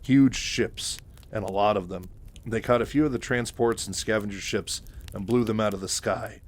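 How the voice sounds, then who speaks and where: A man's voice: fairly low pitch, moderate pace, lightly acted. A man voicing a stern starship colonel. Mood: grim. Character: stern male military colonel commanding a starship.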